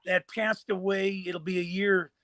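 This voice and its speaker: A male co-host tells a story on a sports talk show and uses colorful comparisons. His voice is high and sharp, and it sounds dry and close to the mic. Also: flat delivery, measured pace, dry recording.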